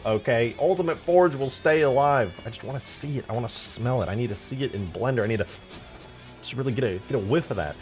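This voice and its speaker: A young man hosting a casual livestream, hyper and jokey, often bursting into loud shouts. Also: mid-range voice, expressive, fairly quick, soft background music. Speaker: livestream host and game modder.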